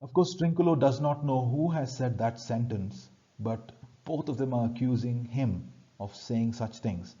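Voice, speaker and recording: A man's voice: medium pitch, a little slow, dark tone, lo-fi sound. A male teacher, explaining a play in a classroom lecture by reading lines aloud and then paraphrasing them plainly.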